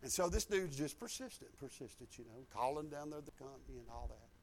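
A man, preaching a sermon in a folksy storytelling way that swings from low asides to loud emphatic lines. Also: animated, brisk, slight background noise. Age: 50s. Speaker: pastor.

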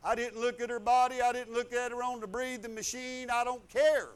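A man, a pastor telling a testimony in a conversation, folksy and animated, chuckling as he goes. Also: extremely high pitch, brisk, clean tone.

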